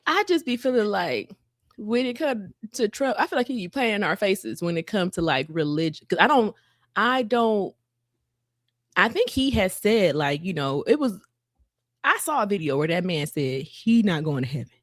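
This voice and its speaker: A woman's voice: medium pitch, big pitch swings, normal speed, no echo, clean studio sound. A woman co-hosting a faith podcast, retelling a Bible story in loose, slangy paraphrase and often repeating and restarting her lines. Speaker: podcast co-host. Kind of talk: casual faith podcast chat.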